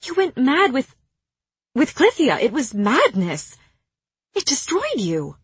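A woman's voice: high-pitched, wildly swooping pitch, slow pace, dry recording, pitched above the performer's own voice, full character voice. A woman reading an audiobook voices a fierce female warrior who presses her questions in a raised voice. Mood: pressing. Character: fierce young woman warrior, pushing and emotional. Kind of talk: audiobook character voice.

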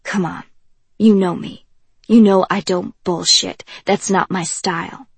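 A woman voicing a loud, teasing young man who swears casually, in an audiobook reading with a breathy, dry sound. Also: on the low side, fairly even intonation, a little slow, no room sound, heavily acted. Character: cocky joking young man, loyal friend. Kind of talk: audiobook character voice.

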